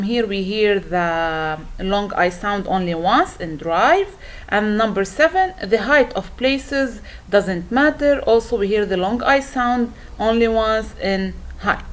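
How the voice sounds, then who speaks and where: Slow, careful woman teacher. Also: mid-range voice. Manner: slow, careful explaining with frequent restarts and "uh". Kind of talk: worksheet walkthrough lesson.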